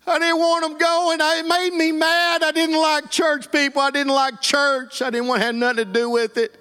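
With an extremely high, pushed and bright voice, a middle-aged man with an East Texas accent speaks at a moderate pace in a level tone. The Texan guest gives an emotional personal testimony, telling his life story earnestly and plainly.

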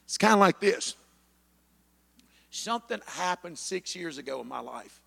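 Male preacher, 50s, high and gravelly, builds to shouting, echoey hall. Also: expressive, a little slow. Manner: builds to shouted climaxes, chanting amen. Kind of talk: sermon.

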